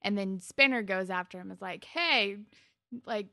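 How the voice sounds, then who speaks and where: Podcast co-host, woman, creaky voice, dry recording, loose rambling recap delivery. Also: medium pitch, fairly quick, bright, forceful tone, no room sound. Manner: rambling retelling, full of "like". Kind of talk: casual TV recap chat.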